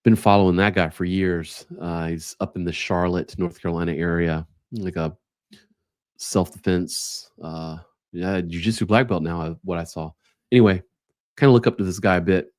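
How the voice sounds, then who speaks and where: A man's voice: deep voice, steady tone, normal speed, a little mellow, dry recording, studio quality. A man hosting a solo podcast, reading short quotes aloud and reflecting on them in a casual, thoughtful way. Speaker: podcast host.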